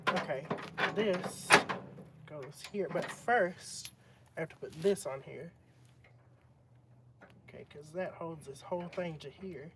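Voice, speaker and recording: Heavy background noise surrounds a male livestreamer recording on his phone as he does a repair. His voice is a little high and slow, with frequent pauses, as he chats casually with viewers and mutters to himself.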